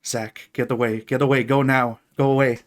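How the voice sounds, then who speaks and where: A man's voice: mid-range voice, level tone, natural voice. A podcast co-host putting on an impression of an intense older male documentary filmmaker, solemn and ominous, with faint music behind. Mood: grave. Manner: solemn, slow, ominous warnings.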